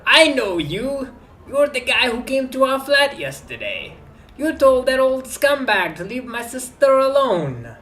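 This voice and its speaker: An eager young man from the lower streets of a game world, thanking someone with loud, high-pitched excitement, as a male gamer reads his lines. His voice swings up and down freely. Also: a little slow, heavily acted. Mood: excited, grateful. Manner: excited, grateful, street-casual. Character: friendly young man from a poor district. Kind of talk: reading game dialogue aloud.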